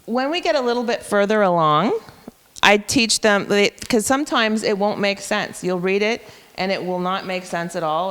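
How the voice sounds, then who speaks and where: A woman's voice: medium pitch, animated, moderate pace, a bit bright, smooth, long reverb tail. A woman teacher patiently explaining reading rules to educators, step by step.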